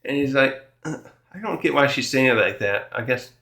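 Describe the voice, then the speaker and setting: A man's voice: mid-range voice, lively intonation, normal speed, vocal fry, bright, forceful tone, roomy sound. A man hosting a casual chapter review, thinking aloud and retelling the characters' dialogue in his own words. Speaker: manga reviewer and channel host.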